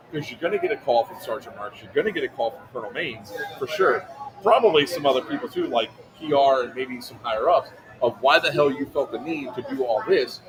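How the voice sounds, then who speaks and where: A man casually telling a long, profane story, quick and animated. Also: medium pitch. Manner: fast, animated, swearing anecdote teller. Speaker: livestream co-host. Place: outdoor airsoft event. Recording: noisy event ambience.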